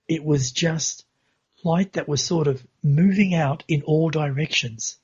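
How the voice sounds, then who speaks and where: Very husky man, slow gentle storyteller. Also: on the high side, dull audio. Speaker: spiritual guest. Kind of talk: storytelling interview talk.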